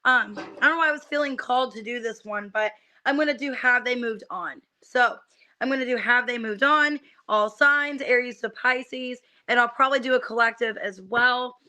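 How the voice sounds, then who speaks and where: Bright chatty young woman reading tarot. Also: a little high, moderate pace. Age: young adult. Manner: chatty, many fillers, greets viewers by name. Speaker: tarot reader streaming live. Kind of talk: casual live-stream chat.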